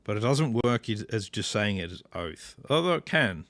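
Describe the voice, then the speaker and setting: A man's voice: fairly low pitch, sing-song, normal speed, a bit bright, dry recording. An Australian man giving casual commentary while playing a strategy game, chatting, swearing freely and talking to his units. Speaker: gameplay streamer.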